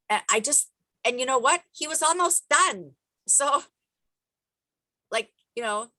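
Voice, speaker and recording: A woman hosting a group video call, giving an energetic, emphatic motivational coaching talk full of chatty asides. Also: medium pitch, moderate pace, long pauses, no room sound.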